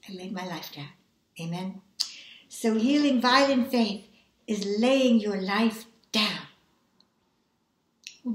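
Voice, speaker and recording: A woman preacher giving a dramatic testimony, swinging between hushed whispers and loud exclamations. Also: a little high, echoey room.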